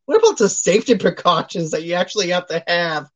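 A man's voice: sits high, expressive, fast talker, a bit bright. A man hosting a casual podcast, retelling movie scenes and reading out listener comments. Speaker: podcast host. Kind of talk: casual chat about a movie.

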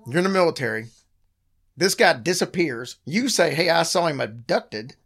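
A hoarse man hosting a casual podcast, telling stories in an animated way and often restarting his sentences. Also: a little high, normal speed. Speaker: podcast host.

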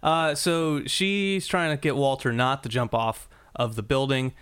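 A man's voice: mid-range voice, steady tone, a bit bright, smooth, no room sound, clean studio sound. A man co-hosting a podcast, recapping a TV episode in casual chat with lots of fillers, restarts and laughter. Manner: halting, many fillers, laughs often. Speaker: podcast co-host.

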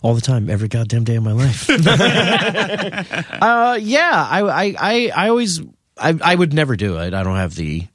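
A man's voice: medium pitch, wildly swooping pitch, normal speed, a bit bright, no echo, clean studio sound. A man in his thirties chatting as a podcast guest, nervous and self-deprecating, with lots of stammered restarts. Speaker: guest comedian. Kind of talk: casual podcast chat.

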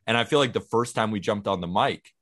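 A man's voice: lowish voice, quick pace, a bit bright. A man in his twenties co-hosting a podcast, talking in an eager, heartfelt way. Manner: enthusiastic, heartfelt. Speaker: podcast co-host. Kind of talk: casual chat.

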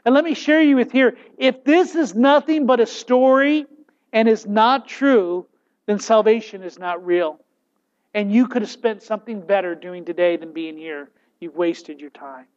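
A high-voiced man preaches a sermon, lively and animated, often breaking off and restarting his sentences. The recording is dull and lo-fi, as if captured in a church. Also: normal speed. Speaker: pastor. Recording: dull, lo-fi sound.

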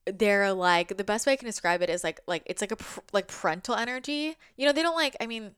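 A woman's voice: mid-range voice, fast, fairly bright tone, clean tone, no echo, clean studio sound. A young adult woman talking casually and reflectively as a spiritual channel, rambling with lots of fillers, heartfelt and sometimes swearing. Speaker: spiritual channel, podcast host.

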